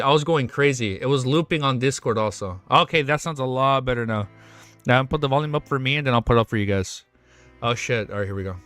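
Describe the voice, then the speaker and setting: A man streaming live, reading a novel aloud and breaking off into excited, swearing reactions. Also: mid-range voice. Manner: excitable, swears often, sudden loud outbursts.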